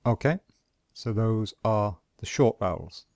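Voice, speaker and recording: A man teaching English pronunciation, explaining sound symbols and saying example words one at a time with pauses between them. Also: on the low side, darkish tone, clean tone, no echo, studio quality. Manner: slow and deliberate, pausing between example words. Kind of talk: slow instructional explanation.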